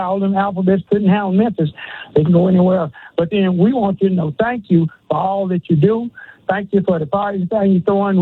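A man's voice: high voice, slightly rough, no echo. A man calling into a radio show, rambling casually from topic to topic. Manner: rambling, casual, laughs between phrases. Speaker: radio caller. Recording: tinny phone line.

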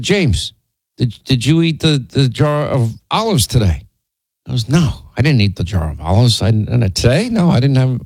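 A man's voice: medium pitch, dry recording, rough recording. A middle-aged man hosting a radio show, telling stories in a rambling, teasing and exasperated way with many restarts. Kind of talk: casual storytelling chat on air.

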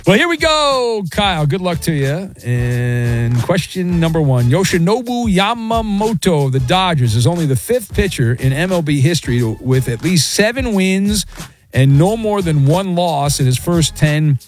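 A man hosts a sports talk quiz with lively energy. His voice sits a bit high and jumps around in pitch. He throws in playful asides between questions. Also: faint music behind. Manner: lively, joking, quick asides. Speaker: sports radio host.

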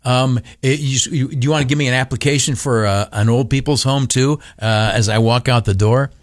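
A man's voice: medium pitch, steady tone, fairly quick, no echo, studio quality. An older man telling a humorous story on the radio, acting out the dialogue in raised voices. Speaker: radio commentator.

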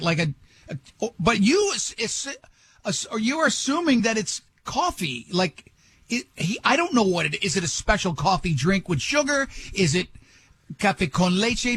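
A man's voice: high voice, fairly bright tone, husky. A male radio host in casual talk, rambling and teasing, often stumbling over his own sentences. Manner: rambling, self-interrupting, teasing.

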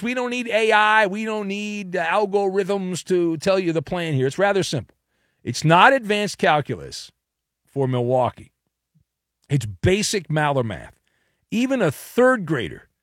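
Sports talk guy going off on his own, jokey and punchy, voice a bit high, no room echo at all. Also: clean studio sound. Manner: punchy, jokey, full of food and fight metaphors. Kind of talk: opinionated commentary monologue.

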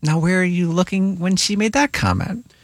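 Husky-voiced male radio co-host. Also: high-pitched, normal speed, dry recording. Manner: questioning, wry banter. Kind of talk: morning radio chat.

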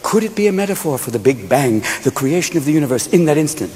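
A man doing stand-up on a club stage, his high voice leaping all over the place. The recording is live, with a long hall echo and audible crowd ambience behind him. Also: quick pace, slight background noise. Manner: animated, shifts into shouted character voices. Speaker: stand-up comedian. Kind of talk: stand-up routine with acted voices.

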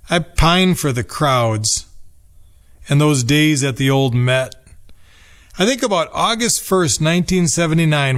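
A man in his fifties from Minnesota reading a nostalgic personal essay in a measured, reflective way. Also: on the high side. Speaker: narrator. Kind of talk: scripted personal essay narration.

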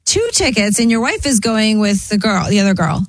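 A woman co-hosting a radio chat, jumping in with quick reactions and questions. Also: medium pitch, lively intonation. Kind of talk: casual chat.

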